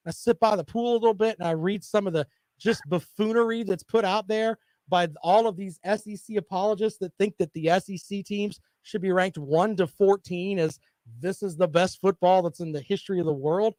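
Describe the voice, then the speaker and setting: Man, high voice, dry close sound, teasing sports-show co-host, rowdy banter. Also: fairly quick, darkish tone, no room sound. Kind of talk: casual sports chat.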